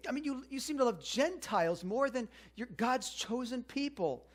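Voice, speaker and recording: A man's voice: very high-pitched, expressive, moderate pace, pitched above the performer's own voice. A preacher acting out the words of a hurt, resentful grieving woman in his own voice. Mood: aggrieved. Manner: aggrieved, reproachful. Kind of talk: acted quote within a sermon.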